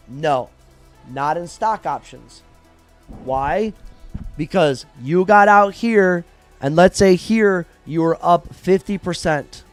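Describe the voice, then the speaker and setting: A man hosting a live trading stream, explaining trades in a blunt, profane, animated way and acting out traders' reactions. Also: a little high, slow, dry recording, faint music behind. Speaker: trading livestream host.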